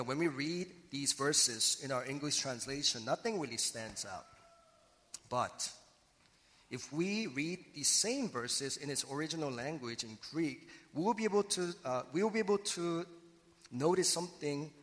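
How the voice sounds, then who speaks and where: A man preaching a sermon as pastor, earnest and emphatic, slowing and pausing for effect on key words. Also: fairly high pitch, animated, a bit bright, long reverb tail.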